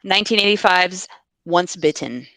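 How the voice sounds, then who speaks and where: A podcast co-host in casual talk, mid-pitched and recorded close with no room sound. Short agreeing replies come often. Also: expressive, a bit bright, no echo. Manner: quick agreeing interjections.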